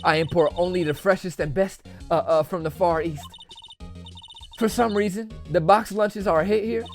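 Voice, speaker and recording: A man's voice: high voice, steady tone, normal speed, soft background music, pitched above the performer's own voice. A man voicing a theatrical, scheming older lunch lady with grandiose, melodramatic delivery that stumbles over the lines.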